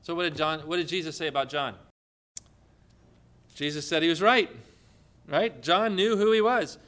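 A male pastor preaching a sermon, lively and often asking the congregation questions. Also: fairly high pitch, normal speed.

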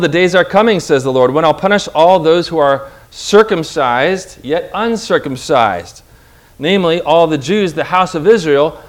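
A man preaching a sermon with an object lesson, swinging from quiet asides to loud, emphatic lines. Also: a little high. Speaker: pastor.

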